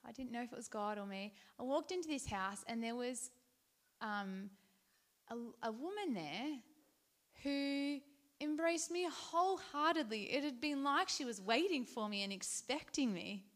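A woman with a voice a little above the usual in pitch, giving a devotional talk as a personal testimony. She tells it conversationally, with fillers and false starts, and keeps it earnest and heartfelt throughout. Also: lively intonation, unhurried, fairly bright tone. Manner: conversational, storytelling with fillers and restarts. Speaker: Christian speaker.

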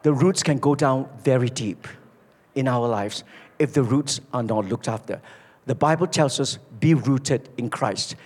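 A man preaching a sermon, telling stories and dropping low and soft on his key points. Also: moderate pace. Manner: storytelling, emphatic, drops low for key points. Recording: echoey hall.

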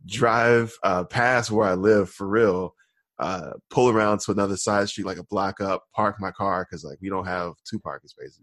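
A man's voice: fairly low pitch, no echo. A man co-hosting a podcast, telling a rambling story in casual chat with lots of fillers and laughter. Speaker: podcast co-host.

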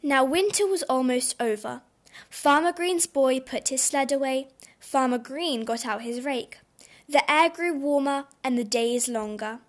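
A woman reading a children's storybook aloud in a gentle, expressive way. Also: high-pitched, a little slow.

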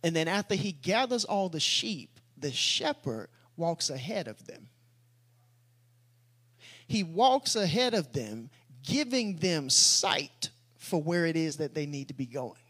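High-voiced man preaching a sermon. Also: big pitch swings, slow, breathy edge. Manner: builds from quiet musing to loud, emphatic preaching.

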